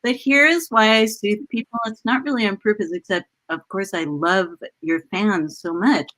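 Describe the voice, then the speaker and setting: A woman's voice: mid-range voice, normal speed, fairly bright tone. Gushing woman chatting on a video call. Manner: gushing, emotional, rambling. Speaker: letter writer for the show and actress. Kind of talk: casual chat on a video call.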